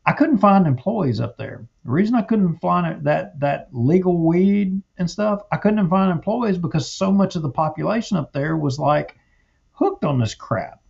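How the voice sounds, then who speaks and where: Man, fiery talk-show co-host, gravelly, slightly high voice, dull lo-fi sound. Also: expressive, normal speed, a little mellow. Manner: heated, emphatic, repeats himself. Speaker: podcast co-host. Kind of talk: casual political talk.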